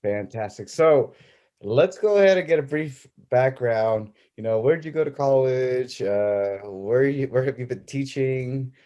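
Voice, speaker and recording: A man's voice: mid-range voice, measured pace, warm tone. A man hosting a casual podcast interview, asking loose, stumbling, enthusiastic questions. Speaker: podcast host.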